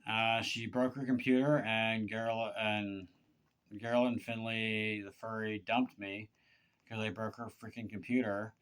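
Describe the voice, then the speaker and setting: A vlogger speaks straight to one person in a halting, aggrieved confessional monologue, stumbling into repeated words and restarts as he pleads his case. His voice sits fairly low, smooth, clear, and a bit bright, with a level tone.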